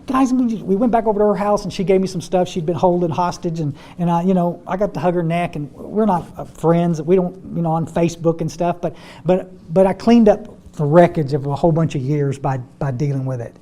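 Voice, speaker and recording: Older guy at a step study, folksy, says y'all a lot, warm mellow voice. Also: fairly high pitch, fairly quick. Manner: folksy, repeats words, addresses audience as y'all. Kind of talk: recovery talk, storytelling to a group.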